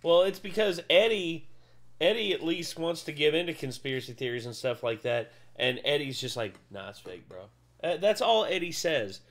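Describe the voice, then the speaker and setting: A man's voice: a little high, expressive, moderate pace. A man casually reacting to video clips as a co-host, drawling and laid-back with casual swearing.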